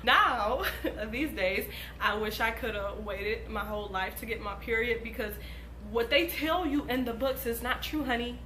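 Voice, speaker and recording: A young woman vlogger tells a story straight to camera in a casual, animated way, swearing freely. Her voice sits a little high and sounds bright and forceful. The room is noticeably echoey. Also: moderate pace, slight background noise.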